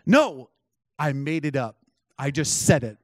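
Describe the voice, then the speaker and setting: A man voicing a calm male prophet who speaks in matter-of-fact declarations. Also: mid-range voice, moderate pace, dry recording, lightly acted.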